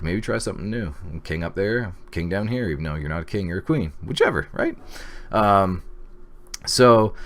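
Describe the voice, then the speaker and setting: Deep-voiced guy rambling thru a tv episode recap, lots of ums, gets hyped. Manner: excited, rambling recap with many fillers and acted reactions. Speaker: TV episode reviewer. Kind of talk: casual video review.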